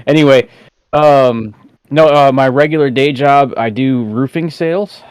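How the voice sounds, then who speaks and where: A man's voice: mid-range voice, measured pace, a little mellow, clean tone, dry recording. A man in his late twenties from New York and Georgia, a podcast guest telling joking stories in a loose, casual way. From born in New York, raised in Georgia. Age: 20s. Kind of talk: casual drinking chat.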